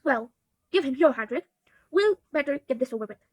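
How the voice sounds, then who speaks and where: A woman reading the lines of a wise, calm old male wizard, measured and steady, in a storybook reading. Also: sits high, no room sound.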